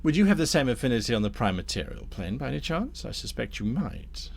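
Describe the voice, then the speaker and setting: A man voicing a smooth, polite devil who offers scheming deals in a tabletop game. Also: medium pitch, big pitch swings, quick pace, full character voice. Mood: persuasive. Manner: polite, silky, persuasive.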